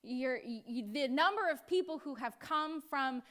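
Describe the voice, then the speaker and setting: Bright high-voiced woman pastor preaching. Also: expressive, moderate pace. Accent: American. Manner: playful, acts out voices with laughs. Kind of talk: sermon.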